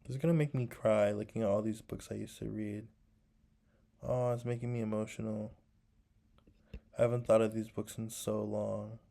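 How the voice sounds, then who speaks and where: Gravelly low-voiced young man rambling. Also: little pitch movement, moderate pace, pauses often, mellow. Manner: rambling and nostalgic, full of "like" and "um". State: sore throat. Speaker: vlogger. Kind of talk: casual chat while painting.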